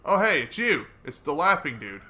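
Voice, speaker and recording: A man giving casual, chatty commentary while playing a video game, mocking himself and breaking into excited swearing. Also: fairly high pitch, normal speed. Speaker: gaming let's player.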